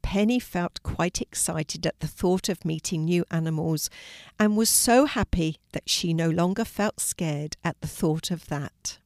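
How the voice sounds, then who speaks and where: An older woman, a storyteller, gently reading a children's story aloud in a clear voice. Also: lowish voice, unhurried, no echo, studio quality.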